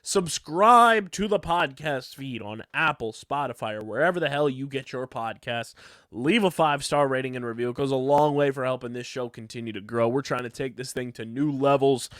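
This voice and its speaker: A man's voice: mid-range voice, no room sound, studio quality. A man hosting a podcast, reading ads and reviewing an episode with enthusiasm while tired late at night. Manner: energetic, enthusiastic, fast ad reads. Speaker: podcast host.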